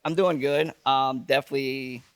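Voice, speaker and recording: A man's voice: medium pitch, steady tone, moderate pace, smooth, no room sound. A man speaking as a podcast guest, hesitant and confessional, with many ums, in a clip played back. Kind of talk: casual chat.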